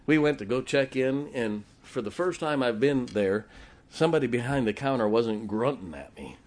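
A middle-aged man from Ohio preaching a storytelling sermon, switching between loud emphatic points and quiet, chatty anecdotes full of fillers. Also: mid-range voice, animated, moderate pace. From Canton, Ohio. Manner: folksy, frequent fillers and restarts, chuckles.

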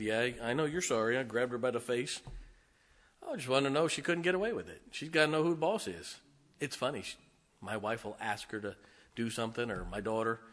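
Delivering a sermon, a middle-aged male pastor with a mid-range voice alternates between hushed, quiet passages and loud, emphatic declarations.

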